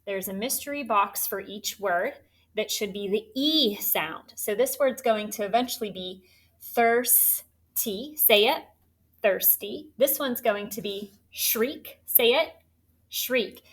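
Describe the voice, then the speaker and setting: A woman's voice: medium pitch, slow. A woman teaching a phonics lesson to children, patient and encouraging as she sounds out words.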